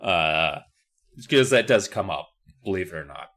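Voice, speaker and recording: Podcast dude recapping a book, super lively pitch, swears constantly, does goofy high voices for the characters. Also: male voice, a little slow. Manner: animated, swears a lot, acts out characters in high squeaky voices. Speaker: podcast co-host. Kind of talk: casual podcast recap chat.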